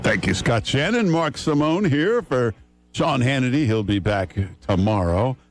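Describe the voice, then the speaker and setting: A man's voice: mid-range voice, a little slow, soft background music. A man hosting talk radio, chatting casually and reading ads live with frequent "uh" fillers. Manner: relaxed, conversational, frequent "uh" fillers. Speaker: radio talk host filling in. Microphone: studio broadcast mic.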